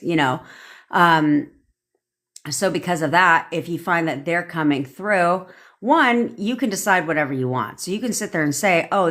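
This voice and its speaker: A woman, talking casually to a live-stream audience as a manifestation coach. She is blunt and unfiltered, swears often and breaks into quick asides. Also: lowish voice. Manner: blunt, profane and animated, with frequent laughs and asides. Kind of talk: live-stream talk answering viewer comments.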